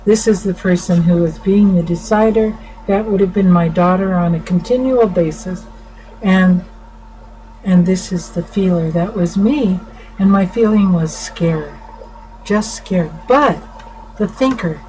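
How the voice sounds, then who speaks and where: A middle-aged woman counselor explaining to viewers in an informal talk, unhurried, restarting her sentences often. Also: fairly low pitch, warm tone, poor audio. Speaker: family counselor. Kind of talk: informal teaching talk to camera. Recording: faint background noise.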